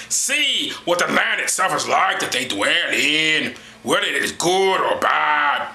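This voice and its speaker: A man voicing Moses as a solemn, mock-grand biblical prophet giving orders, slow and declaiming. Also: on the high side, sing-song, creaky, sharp tone, echoey room, heavily acted. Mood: solemn commanding.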